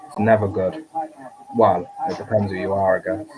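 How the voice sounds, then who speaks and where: This Scottish co-host speaks in a low, fairly flat voice at a moderate pace, rambling and swearing as he casually chats during a live fight. A crowd can be heard in the background, along with a noisy hiss.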